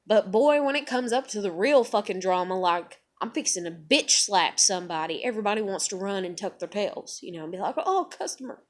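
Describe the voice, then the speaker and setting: A young woman venting angrily in a vlog. She swears constantly and swings between loud outbursts and low muttering. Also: brisk, hardly any pauses. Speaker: vlogger. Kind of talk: angry venting monologue.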